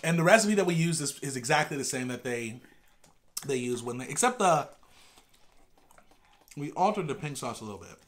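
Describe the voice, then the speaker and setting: A man's voice: mid-range voice, animated, moderate pace, pauses often. A man co-hosting a food vlog, chatting in an easygoing way while eating. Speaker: vlog co-host. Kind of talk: casual chat while eating.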